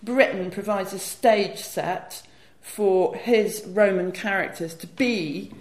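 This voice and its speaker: Speaking slowly in a mid-range voice, a woman acts as a guest historian, giving a conversational academic explanation with fluency and enthusiasm, peppered with "you know." The room is echoey.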